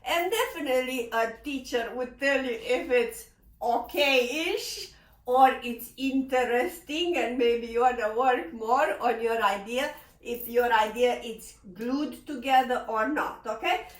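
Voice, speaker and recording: Slow-talking piano teacher woman in an echoey room. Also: fairly high pitch, far from the mic. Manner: expressive, sings phrases, laughs often. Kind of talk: piano lesson explanation. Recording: roomy echo, slightly off-mic. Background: piano playing.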